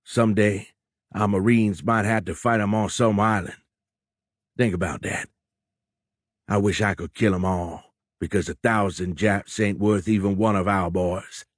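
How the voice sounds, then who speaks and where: A hard-bitten wartime submarine captain who growls his orders and his contempt, as a male narrator puts him on. His voice sits low and gruff, read close and dry for an audiobook. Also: fairly even intonation, measured pace, no room sound. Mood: scornful. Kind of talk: audiobook character voice.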